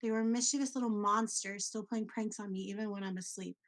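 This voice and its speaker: A woman's voice: mid-range voice, steady tone, fairly quick, close to an everyday voice. A woman voicing an anxious young man as she reads out his nightmare journal in an earnest, uneasy way. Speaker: player.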